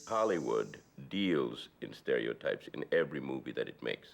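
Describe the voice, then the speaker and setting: A man with a very deep, gravelly voice speaks bluntly in an interview. His pitch moves about in a lively way as he drives his points home. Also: normal speed, faint music behind. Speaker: interviewee, commentator. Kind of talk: documentary interview.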